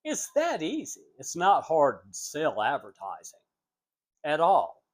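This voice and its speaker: A man recorded at home, unhurried and casual, telling a long story about his family. His voice sits a little high and swings hugely in pitch as he slips into the people he quotes. He talks slowly, pausing between short phrases. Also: huge pitch swings. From United States. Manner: rambling, acts out quoted voices with big pitch jumps. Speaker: vlogger telling family stories.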